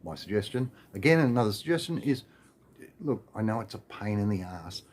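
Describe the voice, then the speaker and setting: Rambling Australian man, low voice. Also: expressive, a little fast, a little mellow, breathy edge. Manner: rambling, exasperated, with frequent filler and restarts. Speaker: vlogger. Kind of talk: casual ranting monologue.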